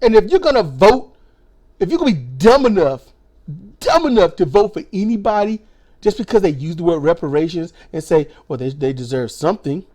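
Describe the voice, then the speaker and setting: High-voiced guy in his 40s, voice all jacked up and hoarse, cussing sarcastic rant. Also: animated, a little fast, darkish tone. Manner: profane, sarcastic, mocking voices. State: voice strained, hoarse. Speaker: political commentary vlogger. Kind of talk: ranting monologue.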